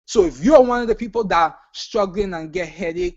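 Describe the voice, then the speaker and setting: Emphatic Caribbean man, high lively voice. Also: brisk, creaky, few pauses, no room sound, dull audio. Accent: Caribbean island. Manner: emphatic, repetitive, preachy. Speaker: business panelist. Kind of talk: motivational panel talk.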